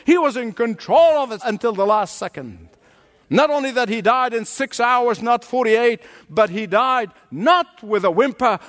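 A male pastor delivers a sermon in a notably high voice, taking his time over every phrase. He is emphatic and builds his points by repeating key lines. His words carry a long reverb, as if spoken in a large church hall. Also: a bit bright.

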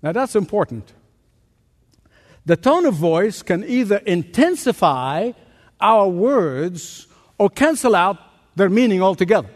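A man preaching a sermon as pastor, animated, asking rhetorical questions and joking about his own faults. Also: high voice, unhurried, pauses often. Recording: long reverb of a large hall.

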